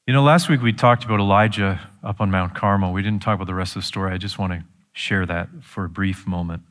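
Earnest low-voiced male pastor. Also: fairly even intonation, fast, fairly bright tone. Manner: earnest, conversational, rising to emphatic peaks. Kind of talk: sermon-style Bible teaching.

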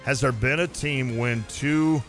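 A man's voice: mid-range voice, measured pace, faint music behind. A man hosting a sports radio show, talking animatedly and whining playfully in casual sports talk. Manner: animated, self-mocking whining.

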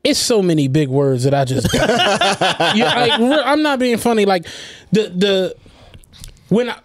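A man in casual podcast chat, telling profane, animated anecdotes and laughing along. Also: sits high, measured pace, vocal fry.

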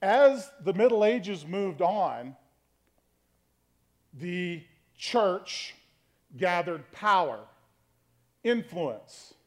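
A man with a notably high voice preaches a sermon in a relaxed, conversational teaching style. He checks in with his listeners often and plays with tone to make his points. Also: drawn-out words, pauses often. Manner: conversational teaching, frequent "okay?" check-ins; varies tone to demonstrate meanings. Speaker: pastor.

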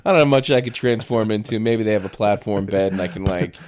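A man's voice: on the low side, fairly quick, darkish tone. A man bantering casually, joking and swearing while mocking himself. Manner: joking, self-mocking, profane.

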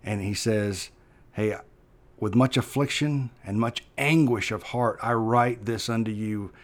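A pastor preaching with earnest feeling, his voice at a middle pitch. He hammers key words louder, then falls to a hushed, slow close. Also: steady tone. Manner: earnest, emphatic preaching with sudden loud stresses and hushed drops. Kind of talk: sermon.

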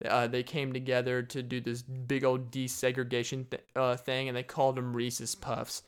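A young man rambles through a casual podcast monologue, cracking jokes and breaking into laughter. His voice sounds smooth and clear. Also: medium pitch, monotone, moderate pace. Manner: rambling and joking, laughs often. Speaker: podcast host.

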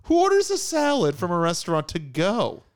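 A man's voice: high-pitched, wildly swooping pitch, moderate pace, no room sound. Crude joking young man, dry sound. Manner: crude, joking, reads reviews aloud with mock outrage. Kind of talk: casual chat.

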